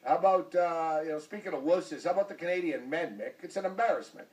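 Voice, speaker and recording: Teasing high-voiced male talk show host. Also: quick pace, recorded from a distance, low-quality recording. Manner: teasing, joking, repeats himself. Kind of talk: casual sports chat.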